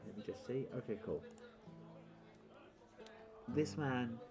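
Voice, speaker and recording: A man narrating as game master in a tabletop game, relaxed and hesitant with many fillers. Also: mid-range voice, slow pace, music in the background.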